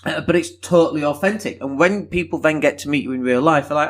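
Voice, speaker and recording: A man from Leeds with a softened Northern English accent, rambling candidly through a solo podcast with the odd swear. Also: a little high, fast talker. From Leeds, England. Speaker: podcast host.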